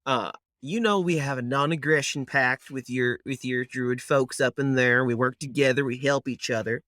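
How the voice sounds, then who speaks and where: A man's voice: medium pitch, normal speed, fairly bright tone, no echo, clean studio sound, natural voice. A man voicing a bearded male gnome druid who talks in a folksy drawl and grumbles about mages, in a tabletop role-play. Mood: folksy grumbling.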